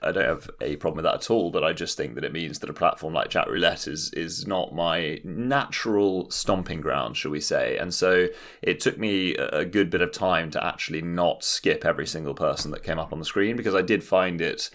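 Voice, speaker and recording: A young man from Britain co-hosts a comedy podcast. He talks in a wry, dry way and often makes fun of himself. His voice is notably low and sits deep in his chest. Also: fairly quick, a bit bright. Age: young adult. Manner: dry, wry and self-deprecating. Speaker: podcast co-host. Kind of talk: casual comedic chat.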